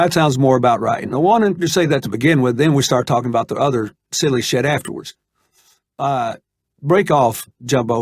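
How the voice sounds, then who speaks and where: Brief: a man as an easygoing middle-aged Southerner, husky voice, dry room. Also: medium pitch, dry recording, lightly acted. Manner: drawling, easygoing, calming. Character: laid-back middle-aged male Arkansas man.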